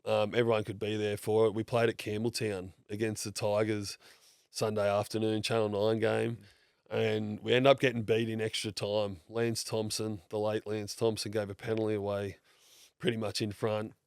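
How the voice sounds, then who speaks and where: In a fairly low, level voice that's gravelly yet a little mellow and smooth, an Australian podcast guest in his thirties chats at normal speed. He tells stories blokily, swears freely, and acts out others' words, with clean studio sound and no room sound.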